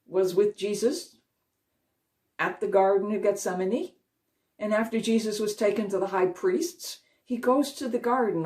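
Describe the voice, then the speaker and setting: A woman giving a Christian devotional talk, retelling a Bible story in an earnest way and slowing down to stress key moments. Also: mid-range voice, darkish tone. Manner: earnest retelling, slows for emphasis. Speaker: Christian speaker. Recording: voice a little distant from the mic.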